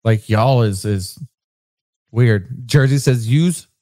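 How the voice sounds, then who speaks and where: A man's voice: medium pitch, slow, warm tone, no room sound. A man cohosting casual banter, crude and teasing, swearing as he goes. His voice is recorded close and dry, with no room sound. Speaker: co-host.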